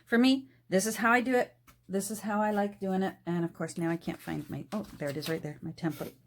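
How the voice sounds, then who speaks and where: A woman's voice: mid-range voice, steady tone, fairly quick, slight background noise. A chatty middle-aged woman talks through her crafting at a home desk, easy and casual. She laughs often and breaks off mid-sentence now and then as her hands stay busy. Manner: chatty, laughs often, trails off while working. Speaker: journal-making vlogger. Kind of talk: casual chat while crafting.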